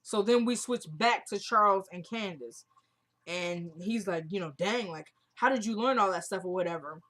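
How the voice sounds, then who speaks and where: A woman's voice: mid-range voice, normal speed, a bit bright. A woman vlogger recapping a TV drama episode in a casual, chatty way, retelling each scene line by line with "she goes" and informal slang.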